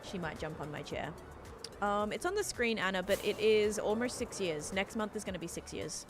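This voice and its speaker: A woman's voice: medium pitch, animated, moderate pace. A young woman streamer chatting casually while she plays, reading out and answering her viewers in a rambling, friendly way. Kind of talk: casual live-stream chat, reading chat aloud. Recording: faint music behind voice.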